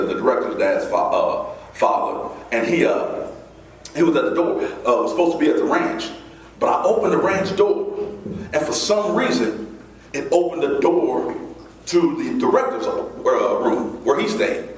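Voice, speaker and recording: A man telling a story from his childhood as a motivational speaker, acting out scenes with voices and high squeals. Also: slight background noise. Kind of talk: storytelling keynote speech. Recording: echoey hall recorded from far off.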